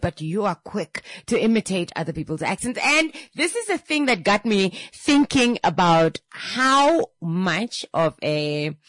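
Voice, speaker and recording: A young woman talking in a casual monologue, animated and quick to restart her sentences. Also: medium pitch, no room sound. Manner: animated, repeats and restarts, laughs readily.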